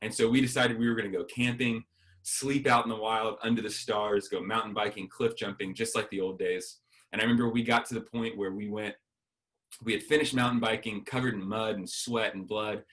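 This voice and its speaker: A man's voice: fairly low pitch, steady tone, fairly quick, fairly bright tone. A man giving a sermon as a guest speaker, telling a personal story and acting out the dialogue.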